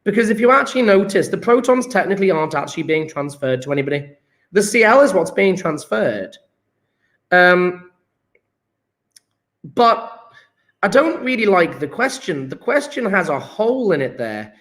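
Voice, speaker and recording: A man's voice: high voice, very animated, moderate pace, a bit bright. A man teaching a casual chemistry revision lesson, jokey and chatty, talking straight to his viewers.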